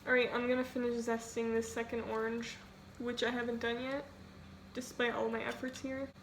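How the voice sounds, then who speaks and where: Chatting at a moderate pace in a slightly high voice, a young woman vlogs while cooking at home. Her talk meanders, full of "like"s and jokes at her own expense. It's a home video with a steady hum of background noise.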